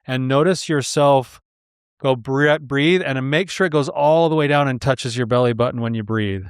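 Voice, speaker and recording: A man's voice: medium pitch, moderate pace, clean tone, no echo, studio quality. A man talking as a guest therapist in a casual podcast conversation, earnest and explanatory, laughing and sighing now and then.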